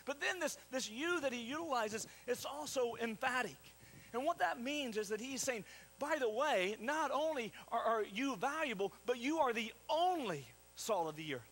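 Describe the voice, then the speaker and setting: In a church sanctuary, a pastor with a very high, slightly bright voice preaches a sermon, putting questions to his congregation and repeating phrases for emphasis. The audio quality is poor.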